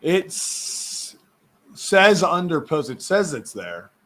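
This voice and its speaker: A man's voice: fairly high pitch, big pitch swings, slow pace, a bit bright. Chatty man hosting a sports stream. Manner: chatty, laughs often, rambling restarts. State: says he is losing his voice. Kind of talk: casual live-stream sports chat.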